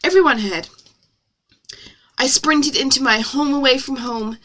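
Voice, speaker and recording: High, bright New Zealand woman. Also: measured pace. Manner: expressive, self-mocking asides. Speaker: streamer. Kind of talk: reading her own novel aloud with commentary. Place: home room.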